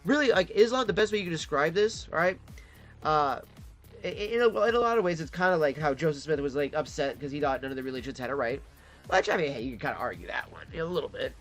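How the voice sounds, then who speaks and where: This man's voice sits on the high side, expressive and fast with a fairly bright tone, and faint music plays behind him. A vlogger from Detroit, Michigan, he tells a casual story full of swearing while mimicking the voices of people he quotes.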